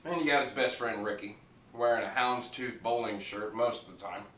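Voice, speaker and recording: Recorded on a distant mic in an echoey room with faint noise, a man gives a rambling, casual TV show review. His mid-range voice, moderately paced, sounds pushed and bright as he swears freely and laughs at his own jokes.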